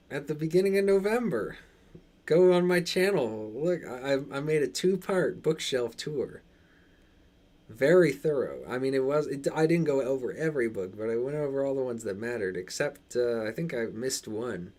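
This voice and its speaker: A man with a transatlantic accent hosting a casual live stream, reading chat aloud and answering in halting, restarting sentences. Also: mid-range voice, lively intonation, darkish tone.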